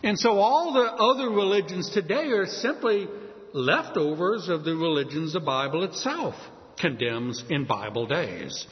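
A man's voice: sits high, lively intonation, a little slow. A man preaching a sermon, emphatic, acting out back-and-forth exchanges with doubters. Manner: emphatic, acts out quoted exchanges. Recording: dull lo-fi sound with long hall reverb.

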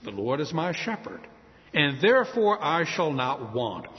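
A preacher with a somewhat high voice delivers a sermon at a measured pace, his pitch swinging widely as he tells folksy, homely stories. The audio is a little dull and lo-fi, followed by a long reverb tail.

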